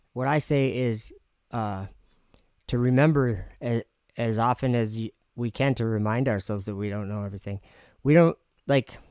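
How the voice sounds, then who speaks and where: A man casually reading scripture aloud and musing on it for his viewers, pausing and restarting as he goes. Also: mid-range voice, darkish tone, clear, resonant tone, no echo, clean studio sound. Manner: reads aloud with pauses and restarts. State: talking with candy in his mouth. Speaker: video host.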